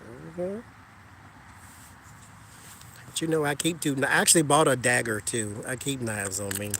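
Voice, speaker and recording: A man casually chatting with his viewers while walking outside, animated and joking, talking to them as "y'all". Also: medium pitch, measured pace, vocal fry, a little hiss or hum. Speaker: tarot reader chatting with live viewers.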